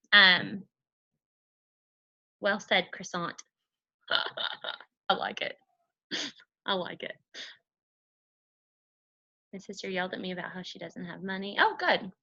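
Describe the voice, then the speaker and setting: A woman's voice: medium pitch, sharp tone, muffled recording. A woman hosting a group video call, upbeat and encouraging with her team. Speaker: call host, team leader.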